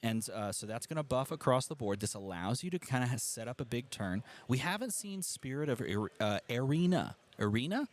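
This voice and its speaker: A man's voice: medium pitch, lively intonation, brisk, few pauses. A man doing live play-by-play commentary on a card game tournament, chatty and analytical, talking to the stream chat and laughing easily.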